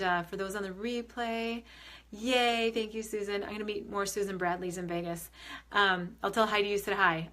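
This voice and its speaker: A woman's voice: medium pitch, a bit bright. A young adult woman working as a medium and spiritual advisor, chatting through a live-stream Q&A, answering viewer comments with many fillers and restarts. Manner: reads viewer comments aloud and answers them. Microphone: phone or webcam on a live video stream.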